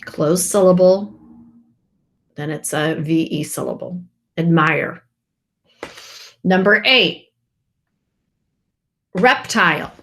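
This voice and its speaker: A woman teaching first grade reads out a spelling test, slowly and deliberately. Her voice sits a little low, and she repeats each word and uses it in a simple sentence. She talks steadily so children at home can keep up. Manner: slow, clear dictation with repeated words.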